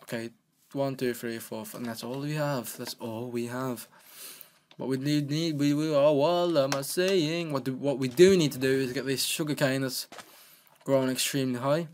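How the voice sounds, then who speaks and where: A man's voice: mid-range voice, steady tone, moderate pace, darkish tone, a little hiss or hum. Guy rambling thru a let's play, goofy, talks to himself, keyboard clicking faintly behind. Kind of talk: casual gameplay commentary.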